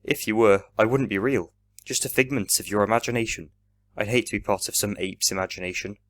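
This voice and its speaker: A man's voice: lowish voice, steady tone, brisk, a bit bright, natural voice. A man voicing a cheerful, eccentric and ancient male time traveller in a fan audio drama, speaking breezily.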